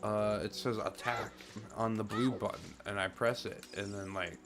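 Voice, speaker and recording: A man with a fairly low voice talks loosely while he plays, musing aloud and circling back on his thoughts. Game music plays clearly beneath his casual commentary. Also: fairly even intonation, normal speed. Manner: rambling, thinking aloud with fillers. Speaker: streamer.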